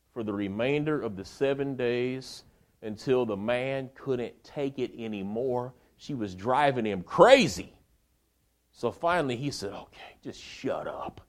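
A man preaching a sermon, retelling a story in a colloquial, animated way and speaking directly to the men in the congregation. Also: medium pitch.

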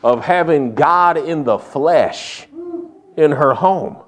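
A man's voice: on the high side, slow. Folksy male preacher. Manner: folksy storytelling with humor. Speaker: pastor. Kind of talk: sermon.

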